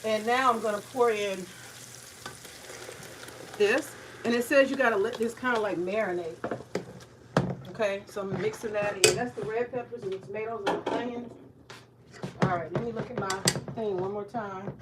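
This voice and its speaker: A woman's voice: mid-range voice, fairly even intonation, normal speed, long pauses, recorded from a distance, heavy background noise. Chatty woman cooking in a kitchen. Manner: chatty, rambling, searches for words. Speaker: home cook vlogger. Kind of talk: casual cooking vlog. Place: home kitchen. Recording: voice a bit off-mic, faint kitchen sizzle.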